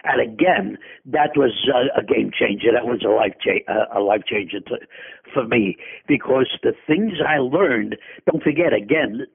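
A man's voice: medium pitch, moderate pace, gravelly, husky. An older man, a guest in a conversation, telling a long personal story with tangents and self-corrections. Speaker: interview guest. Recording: phone-like, lo-fi line.

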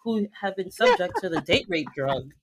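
A woman's voice: medium pitch, huge pitch swings, moderate pace. Woman co-host, voice goes all over the place, blunt snarky jokes, lil bit of noise behind. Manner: blunt, sarcastic quips. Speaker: podcast co-host. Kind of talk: casual chat with blunt jokes.

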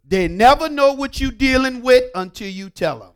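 Male preacher, high voice, call-and-response sermon delivery, hushed-to-emphatic. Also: expressive, moderate pace, hardly any pauses, smooth. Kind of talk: sermon with scripture reading.

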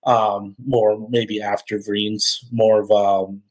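A podcast guest telling stories in a casual, animated, slangy way, often laughing. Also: male voice, on the low side, takes it slowly, low-quality recording. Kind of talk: casual storytelling.

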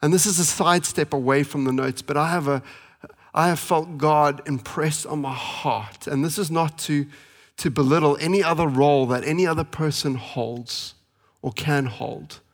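A pastor in his thirties delivers a sermon in a slightly higher-pitched voice. He sounds earnest and pleading. He lingers on key phrases and hurries through family anecdotes. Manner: earnest, pleading, with slow emphatic pauses and fast anecdotes.

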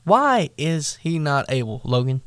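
A man teaching a casual bible lesson, retelling scripture in a halting way with many fillers and restarts. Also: fairly high pitch, big pitch swings, a bit bright, clean tone, dry recording.

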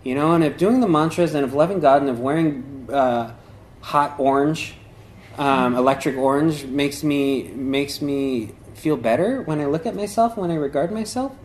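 A man gives a loose, rambling talk on yoga and meditation practice, full of fillers and restarts. His voice sits at an ordinary middle pitch. The room echoes around him, with a faint hum of ambience behind. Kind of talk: informal dharma talk.

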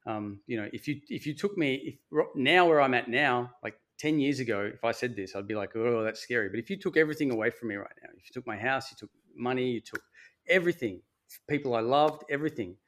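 A man talking as a podcast guest and coach, earnest and motivational, swearing casually in relaxed conversation. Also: medium pitch, fast.

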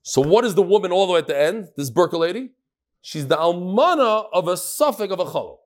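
Animated man teaching Talmud. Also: high voice, a little fast. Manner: animated, acts out quotes, swings between loud and soft. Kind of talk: classroom Gemara lesson.

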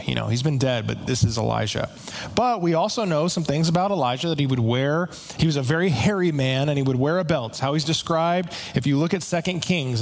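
Casual, slightly high-voiced male preacher. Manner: casual, retells scripture in everyday slang with quick asides. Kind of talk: conversational sermon.

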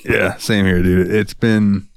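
A man co-hosting a casual podcast in a relaxed, agreeable way, sometimes stumbling over names. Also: lowish voice, slow pace, smooth, dry recording, clean studio sound. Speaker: podcast co-host. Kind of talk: casual chat.

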